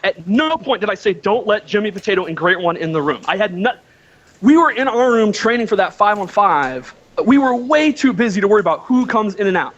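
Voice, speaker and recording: A man's voice: high-pitched, lively intonation, a little fast, fairly bright tone, muffled recording. A man defending himself in a heated online argument, insistent and repeatedly asking to be heard.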